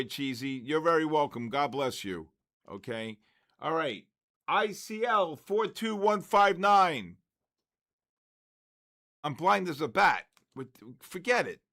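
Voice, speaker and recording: A man's voice: on the high side, pushed and bright. A man in his sixties hosting a trading livestream, joking and exasperated as he spells out viewer names letter by letter. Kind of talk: casual livestream chat, calling out viewer names.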